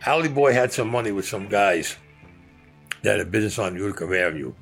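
A man's voice: lowish voice, animated, a little fast, gravelly, a bit bright, soft background music. A man recounting stories in a blunt, profane way, acting out the dialogue as he goes. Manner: blunt, profane storyteller who acts out dialogue. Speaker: former gangster telling his story.

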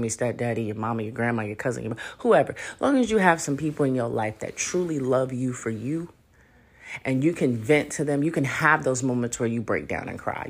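A young adult woman hosting a solo podcast, talking in a blunt, profane and animated way. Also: a bass voice. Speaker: podcast host. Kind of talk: casual solo podcast rant.

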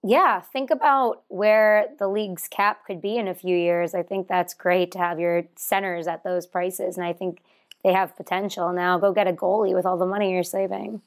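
A woman's voice: lowish voice, steady tone, moderate pace. A woman co-hosting a hockey talk show, giving opinions while hedging and laughing at herself. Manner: hedging, giggly. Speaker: co-host analyst. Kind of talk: casual sports chat.

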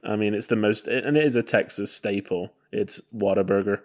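A man's voice: on the low side, brisk. Rambling man co-hosting with many ums. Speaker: podcast co-host. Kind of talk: casual podcast chat.

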